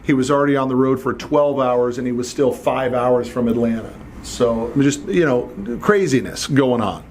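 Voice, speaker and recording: A man's voice: mid-range voice, moderate pace, slight background noise. A middle-aged man hosting a solo podcast, talking bluntly and with animation, swearing casually. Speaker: podcast host.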